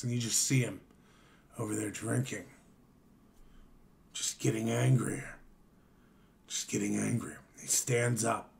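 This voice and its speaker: Man, tired, late-night streamer, casual storytelling, animated, mid-pitched voice. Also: vocal fry. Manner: animated, swearing, mimics others.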